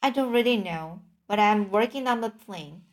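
A woman's voice: medium pitch, lively intonation, moderate pace, lightly acted. A cool, soothing spider, as a woman reads her. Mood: calm. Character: calm, wise female barn spider.

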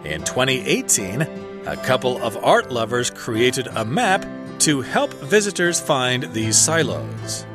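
A man reading a lesson text aloud slowly and carefully. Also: mid-range voice. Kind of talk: scripted reading. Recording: reading over guitar music.

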